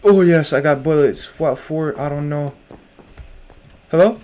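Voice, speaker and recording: A man's voice: fairly high pitch, little pitch movement, measured pace, a little mellow. A young man playing a horror game, jumpy and nervous, talking to himself in casual slang. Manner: casual slang, lots of "bro". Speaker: gamer. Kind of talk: horror game let's play.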